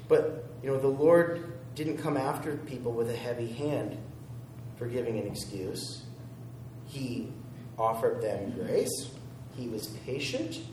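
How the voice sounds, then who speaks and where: A man's voice: medium pitch, slow pace, long pauses, a little mellow, recorded from a distance, a little hiss or hum. Male pastor, sermon, chatty and joking, roomy echo, voice a bit off-mic. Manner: conversational, chuckles at his own jokes.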